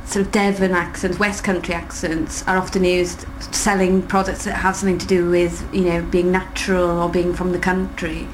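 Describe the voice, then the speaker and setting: A woman lecturer in communication explaining in a measured way in an interview. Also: fairly low pitch, level tone. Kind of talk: expert interview. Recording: noisy background.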